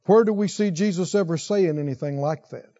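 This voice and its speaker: A man's voice: warm tone, muffled recording. A man preaching a sermon, reading scripture and questioning his congregation as he goes. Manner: slow, questions the congregation, rises in pitch when stressing points.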